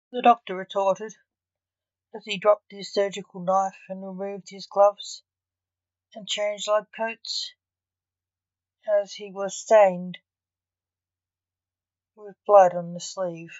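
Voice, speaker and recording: Slow, measured woman narrating a story. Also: mid-range voice, level tone, darkish tone, dry recording, highs cut off. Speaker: author reading her own story.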